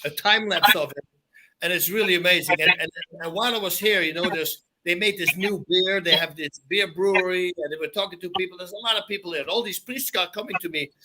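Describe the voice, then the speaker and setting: A man's voice: high voice, fast, pushed and bright. A man chatting eagerly from an office at a monastery. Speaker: podcast co-host. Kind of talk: casual chat. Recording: noisy background.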